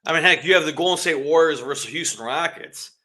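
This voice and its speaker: A man's voice: a little high, fast talker, bright, forceful tone. A man co-hosting a casual sports podcast, rambling and restarting his sentences as he talks. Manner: rambling, stumbles over names and restarts. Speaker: podcast co-host.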